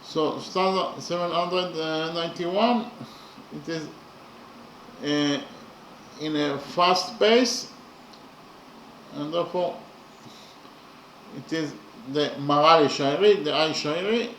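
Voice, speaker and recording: A man talks through a poem in a careful, unhurried lecture, stopping often to count and restate each point. His voice sits a little high and moves very slowly. The sound rings in a reverberant room with a faint hum of ambience. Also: fairly bright tone. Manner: slow and methodical, with many pauses and fillers. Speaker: lecturer on poetry. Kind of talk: slow explanatory lecture.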